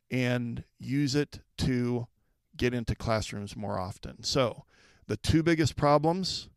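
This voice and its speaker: A man's voice: mid-range voice, no echo. A man hosting a solo podcast for school leaders, talking conversationally and putting direct questions to the listener.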